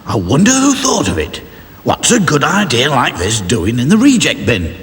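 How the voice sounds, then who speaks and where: A grumpy middle-aged factory boss grumbles gruffly, as a man voices him. His words come out short and put-upon. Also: medium pitch, wildly swooping pitch, normal speed, background noise, voice pushed up. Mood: amazed.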